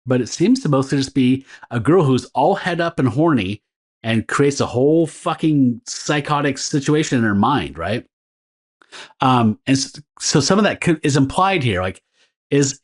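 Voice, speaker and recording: A man's voice: mid-range voice, lively intonation, a little slow. Rambling man chatting with laughs. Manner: rambling, laughs often, frequent fillers. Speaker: podcast co-host. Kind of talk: casual comic book discussion.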